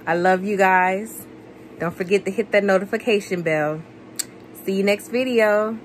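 A woman's voice: mid-range voice, slight background noise, low-quality recording. A woman vlogger chatting casually with lots of fillers, narrating a gift unboxing. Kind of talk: casual vlog and voiceover narration.

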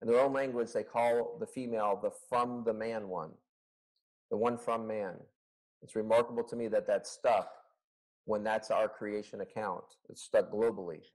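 Pastor-Stimme über Videoanruf. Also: male voice, mid-range voice, a little mellow, low-quality recording. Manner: earnest, conversational teaching with rhetorical questions. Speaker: pastor teaching a Bible study. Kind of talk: Bible study teaching. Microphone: video call. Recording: online video call recording.

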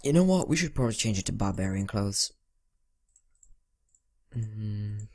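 A man's voice: on the low side, animated, a little slow, darkish tone. A teenage boy giving rambling, casual commentary over a video game, talking to himself and mumbling asides. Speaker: gaming channel host. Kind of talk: casual let's-play commentary.

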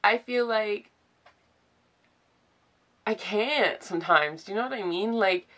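A woman's voice: medium pitch, fairly bright tone. Emotional young woman venting on a vlog. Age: 20s. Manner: halting, fills with "like", restarts often. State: close to tears, getting emotional. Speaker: vlogger. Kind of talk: emotional personal vlog confession.

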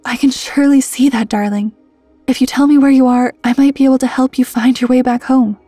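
A grown man and former soldier calls out in a gentle, coaxing way through a dark forest, voiced by a woman narrator. His voice is raised and a bit higher than hers, and sits in a dry recording with faint music behind it. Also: steady tone, brisk, husky, dry recording.

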